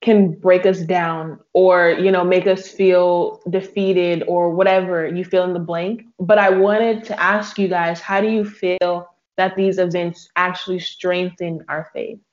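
Woman host, flat voice, echoey lo-fi room. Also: lowish voice, a little slow, few pauses. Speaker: discussion host. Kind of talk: casual faith discussion. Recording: echoey dull lo-fi audio.

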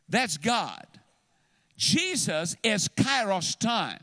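A man preaching a sermon as a guest speaker, animated and exhortative, calling out to the church. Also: high voice, slow, dry recording.

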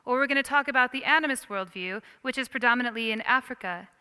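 A woman giving a lively Christian lecture on worldviews, questioning her audience as she teaches. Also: fairly high pitch, fast talker, clear, resonant tone. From United States. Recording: long hall reverb.

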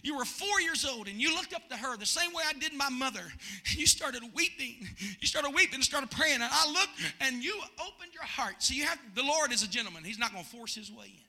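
A male pastor preaching a sermon, swinging from loud shouting to hushed storytelling. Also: extremely high pitch, expressive, fairly quick.

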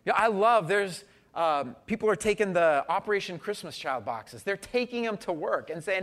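A man's voice: high-pitched, lively intonation, moderate pace, a bit bright. A man preaching a conversational sermon, telling stories and asking the congregation questions. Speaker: pastor.

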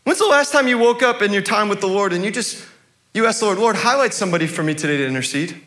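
A young man preaching in a church with a high voice. He keeps it conversational, chuckling often and restarting his sentences. His tone is bright. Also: animated, quick pace. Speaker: pastor. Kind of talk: sermon. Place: church sanctuary.

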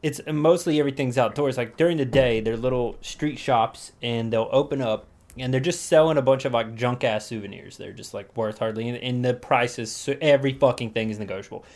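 A man's voice: medium pitch, brisk, a little mellow. A man co-hosting a casual podcast with a laid-back, crude, self-mocking way of talking. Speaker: podcast co-host. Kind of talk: casual chat.

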